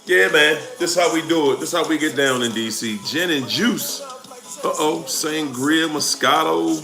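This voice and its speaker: A man with a Washington DC accent, speaking a little slowly in a slightly high, creaky and sharp voice, hosts a casual livestream. He names where viewers are tuning in from and drags out the hype, recorded with a roomy echo and music behind.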